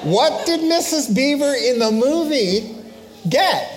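A middle-aged male pastor preaching a sermon, telling a personal story in an animated way and acting out voices before turning to solemn preaching. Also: extremely high pitch, slow, heavy background noise.

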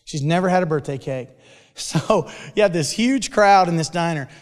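Man, sermon storytelling, slightly high voice, long hall reverb. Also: moderate pace. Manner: animated, full of restarts. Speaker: speaker.

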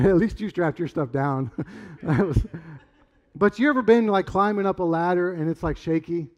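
A middle-aged man preaching a sermon in a loose, conversational way, rambling through stories and sometimes shouting. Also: high-pitched, moderate pace. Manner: conversational, rambling storyteller with sudden loud outbursts. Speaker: pastor.

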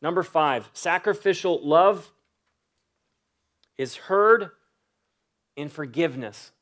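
A man preaching a sermon, emphatic, stretching key phrases slowly for weight. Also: on the high side, animated, fairly bright tone. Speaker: pastor.

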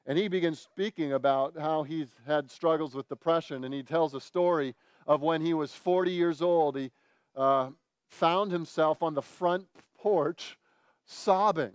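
A man's voice: on the high side, measured pace, clean tone, no echo. A man preaching a sermon to his congregation in an earnest way, now and then acting out what his listeners might say. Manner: earnest, with animated acted-out quotes. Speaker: pastor.

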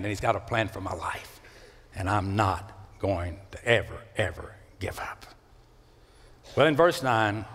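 A man preaching a sermon in a church, swinging between loud rising calls and low hushed lines. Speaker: pastor. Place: church sanctuary. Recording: long hall reverb.

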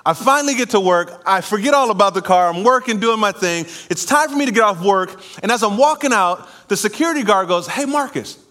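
A man preaching a sermon in church, telling a lively personal story with laughter before calling the congregation to respond. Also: sits high, fairly quick, hardly any pauses. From California. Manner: animated storytelling, laughing at himself, then preaching and calling for amens. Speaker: pastor. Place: church sanctuary.

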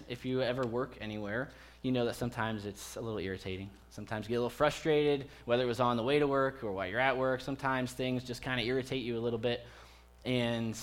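A man in his thirties preaches a casual sermon in a church. His voice sits at an ordinary middle pitch. He talks to the congregation like old friends and jokes with them as he goes. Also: a bit bright. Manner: chatty and joking with the congregation. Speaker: pastor. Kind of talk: conversational sermon.

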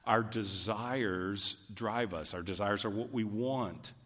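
A pastor with a lowish, fairly bright voice preaches a sermon in a reverberant hall. He reads scripture aloud deliberately, building toward fervent emphasis.

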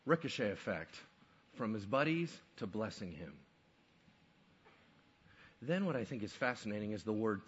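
A male preacher delivers a sermon in a conversational, emphatic style. His voice is bright and husky, set a little high, with lively swings in pitch. The recording sounds dull and lo-fi. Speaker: pastor.

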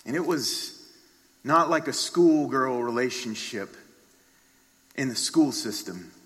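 A man delivers a sermon at a deliberate, unhurried pace, his voice bright and forceful. He moves between hushed passages and loud, charged ones as he tells the story. Long reverb trails after every phrase, as in a large hall. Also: mid-range voice, lively intonation, husky. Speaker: pastor.

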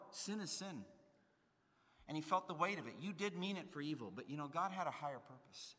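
An earnest male preacher delivering a sermon, his tone bright and forceful. He presses hard on key words, then drops to a near hush. The sound carries a long reverb from a large hall. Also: a little high. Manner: earnest, emphatic, swings between loud and hushed.

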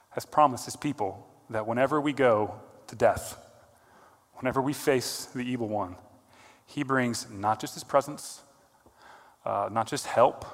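A male pastor preaching a sermon, earnest, rising to emphatic peaks and then dropping quiet. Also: medium pitch. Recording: long hall reverb.

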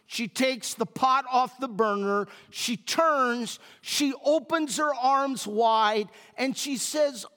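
High-voiced, slow-preaching man. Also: a bit bright, big-room sound. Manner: storytelling, emphatic repetition. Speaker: pastor. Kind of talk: sermon.

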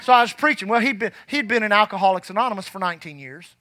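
A man preaching a sermon in church, fervent and rising to shouts, dropping low and quiet when telling his past. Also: animated, racing.

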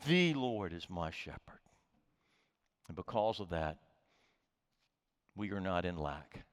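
Lively preaching man in reverberant hall. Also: sits low, slow. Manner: earnest, emphatic preaching with rising and falling delivery. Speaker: pastor. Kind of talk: sermon.

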